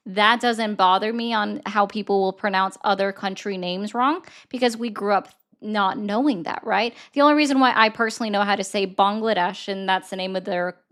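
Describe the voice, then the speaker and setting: A woman commentator hosting a heated debate, pressing her opponent with rapid, pointed questions. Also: medium pitch, a bit bright. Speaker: political commentator, host.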